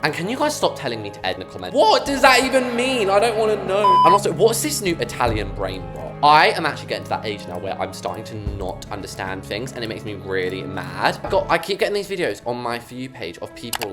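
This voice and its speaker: A young British woman giving chatty, jokey gameplay commentary while building, with sudden loud squeals. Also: extremely low pitch, very animated, fairly quick, few pauses. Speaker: gaming YouTuber. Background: background music.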